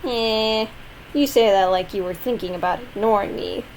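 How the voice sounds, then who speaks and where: A woman voicing a bubbly, carefree teenage schoolgirl while reading game dialogue aloud, with a high, drawn-out, sing-song delivery. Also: slight background noise, lightly acted, rough recording. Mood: whiny.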